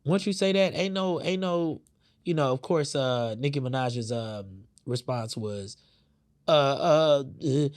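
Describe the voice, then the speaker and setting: A man's voice: medium pitch, a little slow. A man hosting a podcast, giving heated, profane commentary with lots of fillers. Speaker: podcast host. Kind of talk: casual opinion commentary.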